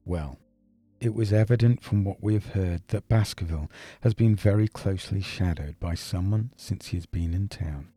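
A man doing a brilliant detective with a very low, dark voice and a slightly husky edge. He is brisk and dry, explaining in crisp, measured phrases. Soft music plays faintly behind him. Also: dry recording. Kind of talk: audiobook character reading.

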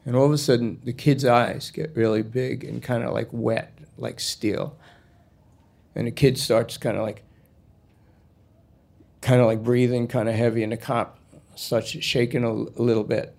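A man's voice: medium pitch, level tone, moderate pace, gravelly, pauses often, darkish tone. A man telling a long story in a casual, rambling monologue, with crude asides.

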